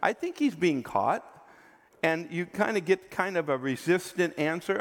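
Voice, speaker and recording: A man preaching a sermon with emphatic delivery that often sinks to a quiet, intense tone. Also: high-pitched, animated, measured pace. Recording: long hall reverb.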